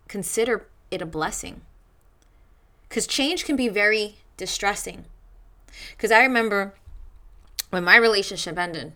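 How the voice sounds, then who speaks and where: A woman's voice: medium pitch, sharp tone. Emphatic woman giving a motivational talk. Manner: emphatic, repeats phrases for stress. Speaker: podcast host. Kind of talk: motivational self-help talk.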